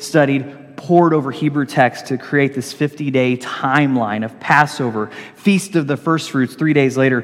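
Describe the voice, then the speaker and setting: A man preaching a sermon, telling stories with animated swings between loud and hushed delivery. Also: mid-range voice, in a large hall. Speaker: pastor.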